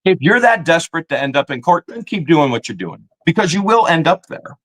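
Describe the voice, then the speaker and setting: A man's voice: on the high side, big pitch swings, a little fast, a bit bright. A man co-hosting a live stream, indignantly scolding people in his chat. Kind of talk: heated live-stream rant.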